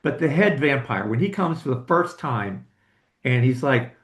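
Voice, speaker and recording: A man's voice: medium pitch, normal speed, echoey room. A man hosting a casual chat who asks the questions, often stumbling over and repeating his words. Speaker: podcast host.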